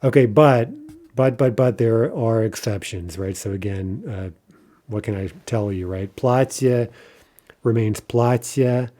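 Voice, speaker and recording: A man teaching a language lesson in a patient, explanatory way, often checking with "right?" and pausing on fillers. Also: fairly low pitch, mellow.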